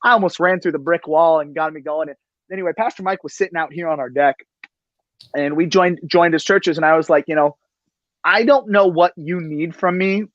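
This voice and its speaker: A man hosting a podcast, talking in an excitable, gushing, casual way. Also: a little high, a little fast, no room sound. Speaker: podcast host. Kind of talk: casual chat. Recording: dull, lo-fi sound.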